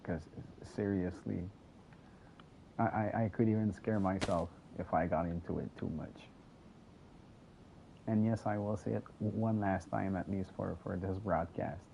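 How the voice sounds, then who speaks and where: Gravelly, low-voiced male game streamer, slow and rambling, over a steady hum. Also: lo-fi sound. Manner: rambling, jokey, stammers and repeats words. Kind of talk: casual gameplay commentary. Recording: noisy with steady background hum.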